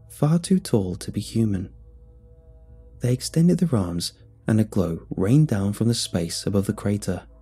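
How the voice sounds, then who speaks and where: A man narrates a first-person horror story with dramatic, suspenseful pacing. His voice is low, mellow and very husky, almost breathy. Soft music plays faintly behind him.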